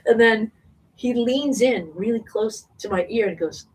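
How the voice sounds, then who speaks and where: A woman's voice: fairly high pitch, unhurried, a little mellow. A woman casually telling a rambling, laugh-filled story to a small live audience, full of fillers and swearing. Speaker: singer talking to an audience. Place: indoor venue with small audience. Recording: distant mic with faint noise.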